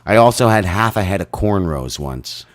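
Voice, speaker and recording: A man co-hosting a podcast, telling crude, rambling stories in a deadpan way. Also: sits low, normal speed. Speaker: podcast co-host. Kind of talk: crude comedic banter.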